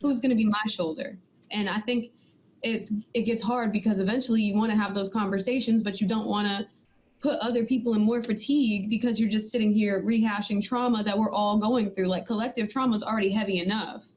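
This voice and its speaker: A woman's voice: mid-range voice, fairly even intonation, brisk, darkish tone, lo-fi sound, slight background noise. A woman speaking reflectively and conversationally as a panelist in a discussion over a video call.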